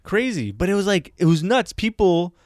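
A young man in loose, casual chat on a podcast, his voice a little higher than most and swinging widely as he acts out the people in his story. The sound is dry and close, with no room around it. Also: sing-song, moderate pace, a little mellow, no room sound. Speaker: podcast co-host.

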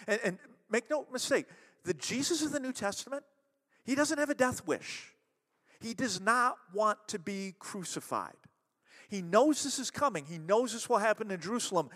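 A man preaching a sermon as pastor, acting out quoted voices and swinging between loud and soft passages. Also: high voice, long reverb tail.

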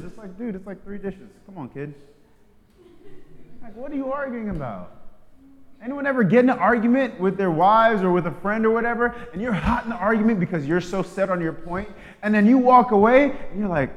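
A man delivering a sermon as a preacher in a casual, slangy way, swinging between loud emphatic lines and soft hushed asides. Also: high voice, very animated, fairly quick. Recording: long hall reverb.

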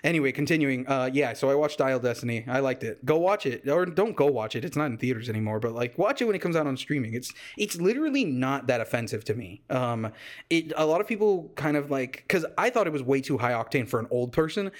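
A man's voice: medium pitch, animated, quick pace. A young man from Texas hosting a casual solo podcast, rambling loosely and jokily with lots of fillers and restarts. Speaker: podcast host. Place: warm home room with a fan running.

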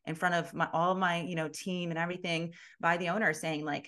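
A woman guest and business coach telling stories in a casual interview, emphatic, dropping to a hush and then rising loud. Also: lowish voice, little pitch movement, fast, few pauses. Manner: emphatic, swings between hushed and loud.

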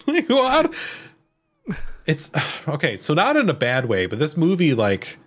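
A man's voice: moderate pace, breathy edge. A man co-hosting a podcast, chatting casually about a film and laughing often. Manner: laughs often, lively swings in pitch. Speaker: podcast co-host. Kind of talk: casual movie-discussion chat.

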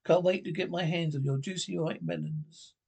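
A man's voice: fairly high pitch, sing-song, moderate pace, darkish tone, slightly rough, exaggerated voice. An actor playing a cheery male vicar who slips sly double meanings into parish notices. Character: innuendo-prone male comedy vicar.

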